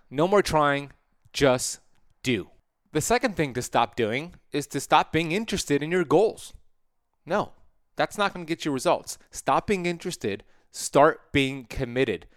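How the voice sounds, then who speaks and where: A man hosting a podcast, giving an energetic, emphatic motivational talk. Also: medium pitch, smooth, no echo, studio quality. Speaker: podcast host.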